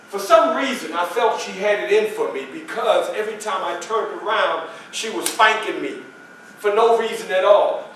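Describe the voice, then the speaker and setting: A man's voice: sits high, recorded from a distance, a little hiss or hum. A man portraying an abolitionist statesman, echoey hall. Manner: storytelling, swings from loud excited quotes to quiet grief. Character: man portraying a famous former slave statesman. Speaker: historical reenactor. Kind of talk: first-person living-history monologue. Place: public library hall.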